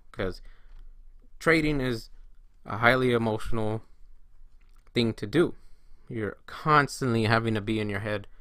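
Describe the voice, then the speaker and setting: A man's voice: medium pitch, a bit bright, no room sound. Casual man coaching on trading. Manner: conversational, acts out inner voices and quoted friends. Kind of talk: casual solo talk to camera.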